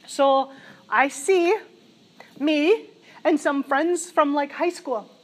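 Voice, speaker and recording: A middle-aged woman delivers a sermon in a high, bright voice. She tells her story with animated energy and breaks into laughter along the way. Her delivery feels like an excited testimony shared with a congregation. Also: slow. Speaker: preacher.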